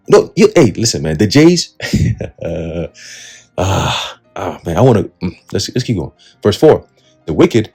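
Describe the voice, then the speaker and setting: A man with a low, mellow voice preaches in an easygoing street style. His talk is slangy and profane, and he keeps checking in with "right?" and "okay?". Faint music plays behind him. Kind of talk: casual street-style Bible teaching.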